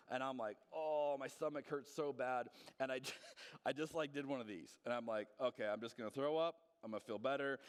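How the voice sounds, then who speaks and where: In a church sanctuary, a pastor gives an earnest, conversational sermon, frequently restarting his words and stammering out repeats. His mid-range voice carries the sound of a large hall.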